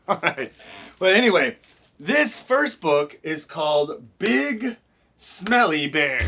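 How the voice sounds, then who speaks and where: A man's voice: a little high, sing-song, slow pace, creaky, bright, forceful tone. A man hosting a children's library storytime, playful and upbeat, leading sing-along songs and reading a picture book aloud. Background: his own acoustic guitar.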